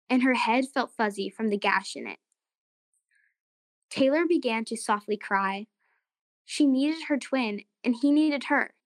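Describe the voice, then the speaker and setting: A woman narrating a children's story and hosting a short segment, in an expressive, friendly way. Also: fairly high pitch, dry recording, studio quality.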